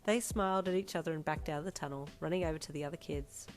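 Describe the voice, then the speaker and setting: A woman reading her fanfiction aloud in a gentle storytelling manner. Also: deep voice, fast. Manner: gentle storytelling, chatty sign-off. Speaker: fanfiction narrator. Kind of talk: scripted narration. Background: soft piano music.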